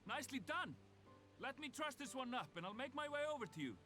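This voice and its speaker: An actor with an Icelandic accent playing a calm, courteous male gleaner in a video game. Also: very high voice, fast, soft background music, full character voice. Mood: pleased. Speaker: game character.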